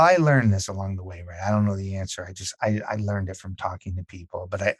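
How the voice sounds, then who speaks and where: A man's voice: lowish voice, no echo. A man telling a story in a casual podcast conversation, acting out what people said. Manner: animated storyteller, acts out quotes. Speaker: podcast guest.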